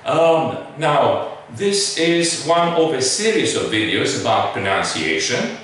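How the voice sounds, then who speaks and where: A man teaching an English pronunciation lesson, modeling words slowly and emphatically. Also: mid-range voice, very animated, fairly bright tone, recorded from a distance, slight background noise. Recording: echoey room, voice off-mic.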